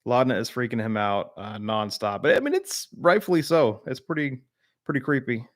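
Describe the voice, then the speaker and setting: A man's voice: mid-range voice, lively intonation, moderate pace. A man from the American South hosting a casual live-stream chat, rambling with many fillers and replying to viewers by name. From Southern United States.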